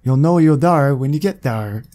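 A man's voice: medium pitch, expressive, moderate pace, warm tone, lightly acted. A man voicing a hollering old-timey Western prospector with a twangy drawl. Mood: excited. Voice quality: twangy drawl, says "thar".

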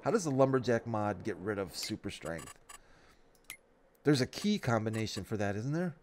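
A man's voice: lowish voice, very animated, moderate pace, a little hiss or hum. A man hosting a let's play, rambling casually about his life while thinking aloud through the game. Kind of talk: casual gameplay commentary. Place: at home, near the Great Lakes.

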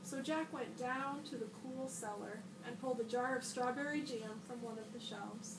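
A school librarian with a high voice reads a picture book aloud to children at a normal speed, brightening her voice for the boy's shouted lines. She sits a little away from the mic, in an echoey room with steady background noise.

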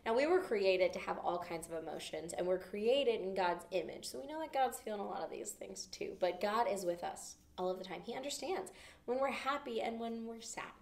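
A woman leads a children's Bible lesson, playful and expressive, often asking the kids questions. Her voice sits in the middle range. She is picked up from some distance, with noticeable room echo around her. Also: mid-range voice, brisk, gravelly. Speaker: children's ministry teacher. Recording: echoey room, mic at a distance.

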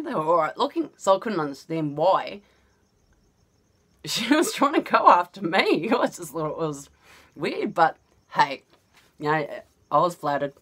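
A woman's voice: fairly low pitch, a bit bright, breathy edge. A woman with an Australian accent casually telling a personal story, chatty and often laughing as she goes. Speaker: vlogger.

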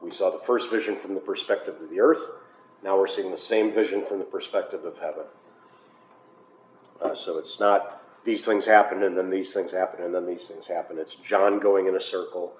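A man's voice: sits low, fairly even intonation, moderate pace. An American man, a pastor, leading a Bible study in a conversational way, with filler uhs and wry asides. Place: church hall. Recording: echoey room, faint noise.

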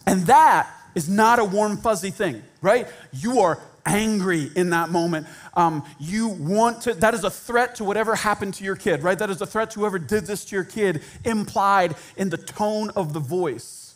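Man, pastor, sermon, animated, acts out quoted voices, slightly higher voice. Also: moderate pace, few pauses. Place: church sanctuary.

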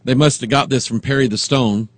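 A man preaching at a middle pitch, recorded close and dry with almost no room sound. He moves from hushed, reflective passages to raised, emphatic ones as he makes his points. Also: fairly even intonation, a little fast, dry recording. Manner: impassioned, shifting from quiet reflection to rising emphasis. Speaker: pastor. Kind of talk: sermon.

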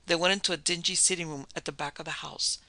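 A narrator reading a classic ghost story aloud in a steady, measured storytelling manner. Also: mid-range voice, dry recording. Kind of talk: scripted audiobook narration.

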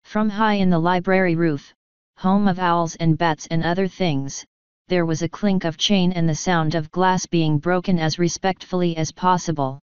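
A woman reading an audiobook in a measured, dry narration. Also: on the low side, fairly even intonation, clean tone, no room sound, lo-fi sound. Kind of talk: scripted narration.

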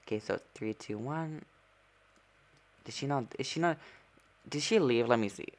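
A man's voice: mid-range voice, normal speed. A man giving sassy, chatty gameplay commentary as a streamer, breaking into sudden squeals of surprise. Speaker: gaming streamer.

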